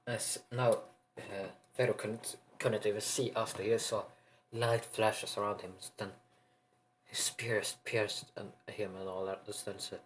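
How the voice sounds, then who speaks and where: A man narrating an improvised fan story in a rambling, halting way, often restarting his sentences. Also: fairly low pitch, little pitch movement, slight background noise, poor audio.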